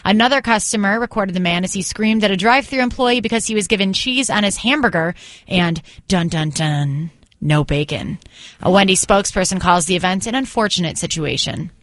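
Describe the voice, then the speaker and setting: A woman's voice: medium pitch, quick pace, a bit bright, no room sound, studio quality. Wry female radio co-host. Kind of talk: news reading and radio banter.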